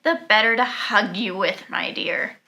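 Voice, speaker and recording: A woman's voice: mid-range voice, lively intonation, unhurried, pushed and bright. Woman doing a sly coaxing storybook wolf. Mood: mock sweet. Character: sly hungry male wolf.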